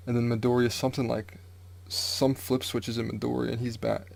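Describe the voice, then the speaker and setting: A man casually reacting live to a manga chapter, reading panels aloud, excited and swearing freely with lots of filler words. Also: mid-range voice, moderate pace, gravelly.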